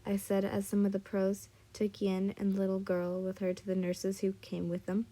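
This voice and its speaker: A woman's voice: mid-range voice, completely flat delivery, moderate pace, dark tone. A woman casually reading a fan story aloud, stumbling and apologizing now and then. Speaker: story reader.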